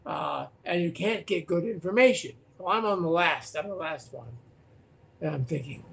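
An older man, a former political candidate, recounting debate stories as a guest in an animated way, often repeating words. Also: fairly high pitch, moderate pace, vocal fry. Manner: animated, repeats words and restarts, acts out quotes. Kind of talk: anecdotal storytelling in conversation.

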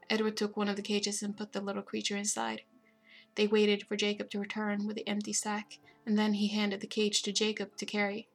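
A woman narrating a fantasy story aloud in a steady, even reading voice. Her melody is notably flat and level. Soft music plays faintly beneath her. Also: mid-range voice, brisk, creaky. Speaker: audiobook narrator. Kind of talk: scripted narration.

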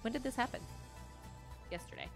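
A woman's voice: a little fast, soft background music. A woman on a morning show reading local news items between casual banter.

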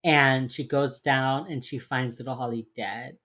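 A woman's voice: very deep voice, steady tone, measured pace, a bit bright. A woman co-hosting a casual chat, animatedly acting out lines from a TV show and swearing freely. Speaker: podcast co-host recapping a TV crime drama.

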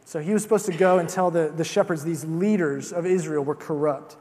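A man's voice: fairly high pitch, fairly even intonation, brisk, darkish tone, in a large hall. A man preaching a sermon in a conversational way, with fillers and repeated starts.

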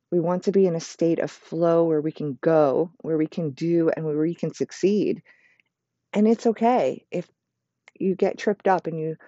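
A yoga teacher speaks in a soft, mellow tone, building encouragement through repeated parallel phrases. The recording is dry and a little dull, with a lo-fi edge. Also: mid-range voice, no room sound. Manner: flowing, repetitive, encouraging phrasing; admits to speaking fast. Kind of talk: motivational self-help talk.

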